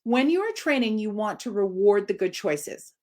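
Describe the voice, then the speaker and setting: A woman in her forties who trains dogs gives a relaxed live video talk at a moderate pace. She speaks expressively, her pitch swinging high for emphasis.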